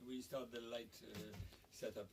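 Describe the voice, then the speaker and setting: A man's voice: mid-range voice, little pitch movement, normal speed, creaky, husky, faint music behind, rough recording. A man acting as conference organizer, breaking in with brief, reassuring remarks.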